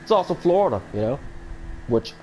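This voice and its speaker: A man's voice: a little high, big pitch swings, brisk, darkish tone, a little hiss or hum, rough recording. A man chatting casually on a live stream, rambling with many restarts and frequent swearing.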